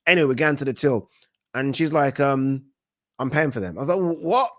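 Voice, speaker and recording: An excitable British man chats on his live stream, swearing now and then as he answers viewers. His voice sits at an ordinary middle pitch. The sound is dry, with no room echo. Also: fast. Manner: excitable, chatty, swears casually. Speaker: boxing livestream host. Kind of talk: casual livestream chat.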